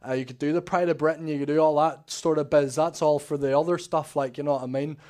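A man's voice: fairly high pitch, steady tone, quick pace, warm tone. A man, an ex-prisoner giving an emotional, rambling faith testimony to a church congregation. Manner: rambling, emotional storytelling with restarts.

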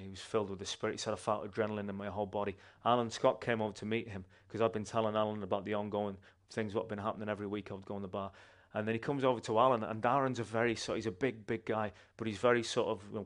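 A man, a church member giving a personal testimony in an animated, conversational way with restarts. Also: fairly low pitch, racing, few pauses.

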